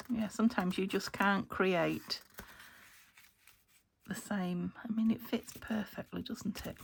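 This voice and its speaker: A British woman crafting a journal, talking to herself as she works and often trailing into soft half-whispers. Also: medium pitch, steady tone, takes it slowly, gravelly, pauses often, a little hiss or hum. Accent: British English. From United Kingdom. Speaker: craft channel host. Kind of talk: casual crafting commentary.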